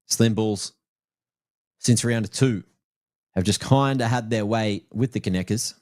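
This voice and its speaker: Lower-voiced playful esports caster. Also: male voice, unhurried, a little mellow. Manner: playful, teasing asides. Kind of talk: live esports play-by-play commentary.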